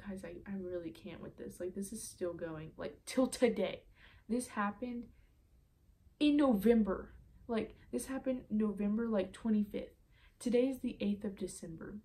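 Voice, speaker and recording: Her voice is medium in pitch with a dark tone. She's a young vlogger recounting a story casually, chatty and exasperated, leaning heavily on "like."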